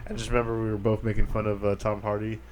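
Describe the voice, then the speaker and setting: A man's voice: lowish voice, monotone, very fast, a little mellow. Laid-back young man, faint hiss. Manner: laid-back, cursing, hesitant fillers. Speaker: podcast co-host. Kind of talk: casual chat.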